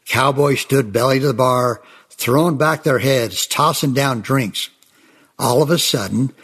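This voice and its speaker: A man's voice: medium pitch, husky. A man telling Old West tales in a chatty, folksy way, often calling his listeners folks. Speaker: storyteller.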